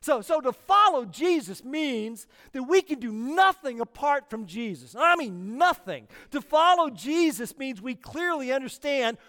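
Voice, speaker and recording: Slow, lively preacher in a reverberant hall. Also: high-pitched. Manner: emphatic, repeating words for stress. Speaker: pastor. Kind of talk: sermon.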